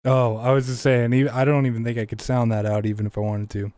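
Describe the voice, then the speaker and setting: A man's voice: mid-range voice, flat delivery, fast, dark tone, dry recording. Casual male podcast host, dry sound. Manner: friendly, loose, many filler words.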